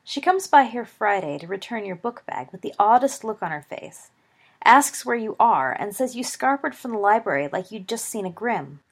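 A woman's voice: mid-range voice, expressive, moderate pace. A woman voicing a brash, cocky teenage schoolboy who talks in a blunt, teasing way, reading a story aloud.

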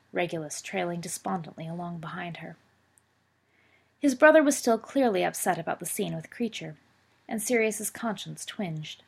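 A woman reading a story aloud as a narrator, in a steady, expressive way. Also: on the low side, gravelly, slightly rough. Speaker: audiobook reader.

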